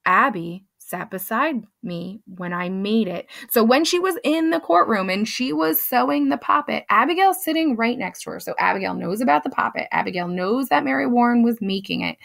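A woman's voice: a little high, lively intonation, moderate pace, creaky, hardly any pauses, a bit bright, no room sound, studio quality. A young woman teacher summarizing a play for her class in a casual, chatty way, loosely paraphrasing the characters.

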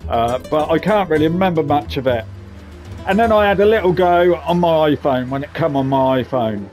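A man's voice: a little high, expressive, fairly quick, a little mellow, faint music behind. A man hosting casual gameplay commentary, chatty and jokey with rambling asides. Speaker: gaming channel host.

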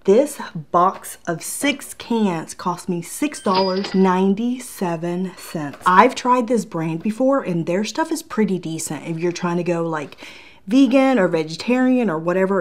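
A woman's voice: medium pitch, animated, a little slow, a little mellow. A woman vlogger who grew up in Puerto Rico, reviewing store products in a gushing, chatty way and talking straight to her viewers, with a Southern American accent slipping in. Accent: Southern American slips in. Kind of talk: casual product review vlog.

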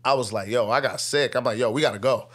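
This young guest, a rapper and army veteran, tells an animated story at quick pace in a podcast studio, his mid-range voice fairly bright. He speaks in casual slang and raises his voice to act out other people's lines.

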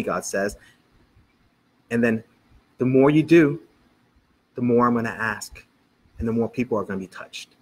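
A middle-aged male pastor tells a story from the pulpit with a husky, slightly rough voice. His pitch sits in the middle of the male range. He acts out each exchange, dropping his voice for the other man and lifting it for his own lines. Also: measured pace, pauses often. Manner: animated storyteller acting out dialogue. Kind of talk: storytelling sermon. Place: church.

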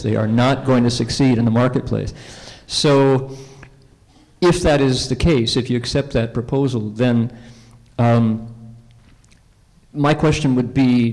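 Monk guy talking at a conference, chatty, tells stories, asks the crowd stuff, big hall reverb, medium pitch. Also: a little mellow. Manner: conversational, asks the audience questions. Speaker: Buddhist monk, conference speaker. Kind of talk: conference Dharma talk with storytelling. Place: convention centre hall.

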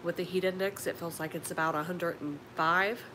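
Lady chatting on her live stream, calls everyone honey, noisy hum and rumble behind her. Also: steady tone, brisk. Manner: chatty, affectionate, calls viewers honey and sweetie. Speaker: live-stream beauty vlogger. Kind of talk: casual live-stream chat greeting viewers.

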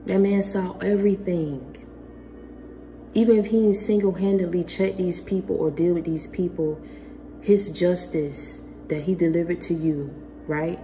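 Deep-voiced woman giving a spiritual pep talk. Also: warm tone. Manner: earnest, slangy, calls listeners baby. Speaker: spiritual motivational speaker.

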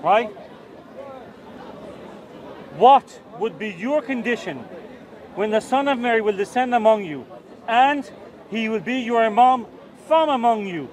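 High-voiced combative man amid a crowd. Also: expressive, unhurried, pauses often. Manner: repetitive, combative, talks over the other. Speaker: Ahmadi debater. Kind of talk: heated street debate. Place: outdoor public park. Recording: outdoor crowd close around.

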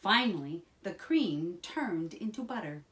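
Slow, expressive woman reading aloud. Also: on the low side. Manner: slow, expressive, sing-song. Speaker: children's book reader. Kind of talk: children's storybook read-aloud.

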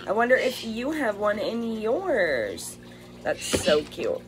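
A woman's voice: mid-range voice, big pitch swings, takes it slowly, low-quality recording. A woman chatting casually while unboxing bird toys, gushing over them and talking to her pet birds at home. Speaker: bird rescue vlogger.

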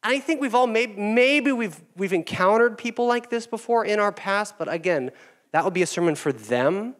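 A man's voice: sits high, lively intonation, normal speed, fairly bright tone. A male pastor delivers a sermon with playful, self-deprecating humor. His voice sits a little above the usual male range.

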